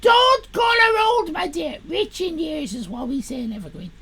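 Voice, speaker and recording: A cheerful old grandad of eighty-one , put on by a woman streamer, calls out his fond, homely lines in a very high, gravelly voice. He sounds loud, spry and pleased to have company. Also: expressive, moderate pace.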